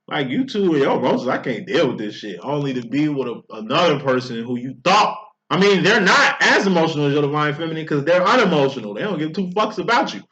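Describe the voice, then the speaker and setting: A man's voice: a little high, big pitch swings, quick pace, hardly any pauses, fairly bright tone. A man giving a casual spiritual card reading, blunt and profane, mocking his listener and acting out quoted lines in a raised voice. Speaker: tarot card reader. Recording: dull lo-fi recording.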